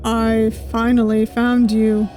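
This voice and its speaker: A woman reads out a gentle young male yandere captor in a game, soft and unhurried. He pleads slowly in a fairly high voice, with faint game music underneath. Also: monotone. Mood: calm.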